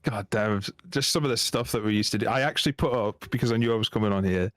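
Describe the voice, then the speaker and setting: A man's voice: on the low side, fast, a bit bright, dry recording. Sweary self-mocking man, army veteran. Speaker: podcast guest. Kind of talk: casual chat, swapping army stories.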